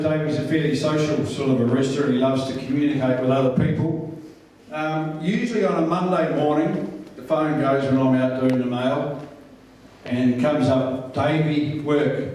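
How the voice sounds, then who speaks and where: High-voiced man telling wedding stories. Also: darkish tone. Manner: joking, anecdotal storytelling. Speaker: friend giving a wedding speech. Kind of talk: wedding speech. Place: wedding reception hall. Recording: echoey hall with noise, distant mic.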